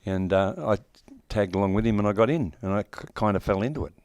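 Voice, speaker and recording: A man's voice: lowish voice, fast, a little mellow, no room sound. A man in his sixties with an Australian accent, a guest actor talking bluntly and joking, with plenty of swearing, in a casual interview. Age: 60s. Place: horror convention.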